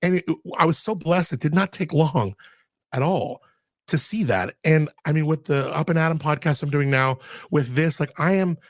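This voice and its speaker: A man hosts a relaxed podcast conversation, telling his stories in a chatty, animated way. His voice sits a little higher than most men's. It is recorded close and dry, with almost no room sound. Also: normal speed, no room sound. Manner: chatty, animated storytelling with quoted dialogue. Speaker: podcast host. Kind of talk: casual podcast interview.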